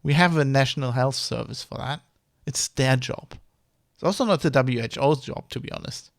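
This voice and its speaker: A man's voice: mid-range voice, moderate pace, creaky, no echo, clean studio sound. A man with a mother tongue, ranting in a casual vlog, rambling and heated, with many restarts and swearing. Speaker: vlogger. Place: Germany.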